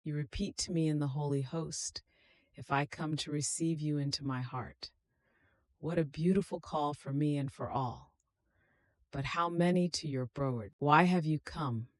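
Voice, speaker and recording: A reader giving a slow, solemn, meditative devotional reading in a prayerful tone. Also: mid-range voice, no room sound.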